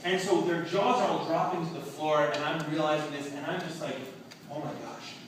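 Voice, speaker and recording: A young man telling a lively story to an audience at a reception, acting out the dialogue with laughs. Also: a little high, a little fast. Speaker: speaker at a reception talk. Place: event room, recorded from a distance. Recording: echoey room, far-off mic, background noise.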